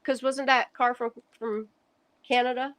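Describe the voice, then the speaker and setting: A woman's voice: fairly high pitch, little pitch movement, a little slow, a bit bright, no room sound. A woman hosting a livestream, chatting animatedly with her viewers as she reacts to a clip. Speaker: livestream host. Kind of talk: casual reaction commentary.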